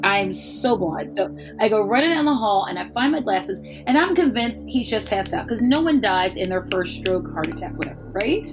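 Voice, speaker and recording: A woman's voice: mid-range voice, animated, moderate pace, hardly any pauses, over music. A woman telling a personal story in casual speech, candid and wry, swearing and acting out what people said.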